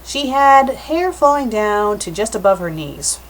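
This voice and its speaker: Woman critic reading fanfic aloud, mid-pitched, self-correcting, wry comments. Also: big pitch swings, unhurried, slight background noise. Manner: self-correcting, breaks off with joking asides. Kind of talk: comedic dramatic reading with commentary.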